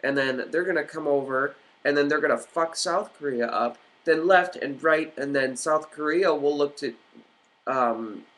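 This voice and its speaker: A man's voice: fairly high pitch, normal speed, fairly bright tone. A man ranting on a vlog in an agitated, profane, rambling way with many fillers. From United States. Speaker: vlogger.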